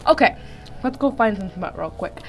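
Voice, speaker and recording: A woman's voice: medium pitch, animated, moderate pace, vocal fry, husky, rough recording. Giggly young woman reading fan fiction. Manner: giggly, rambling, keeps interrupting herself. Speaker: vlogger. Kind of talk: casual fan-fiction read-aloud. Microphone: phone.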